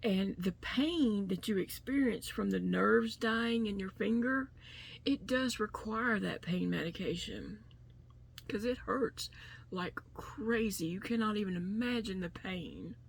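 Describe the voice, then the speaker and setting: A middle-aged woman speaks straight into her camera in a loose, rambling vlog. Her voice sits at a middling pitch with a gravelly, creaky edge. She fills her talk with ums and restarts. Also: a little slow. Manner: rambling, many fillers and restarts. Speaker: vlogger.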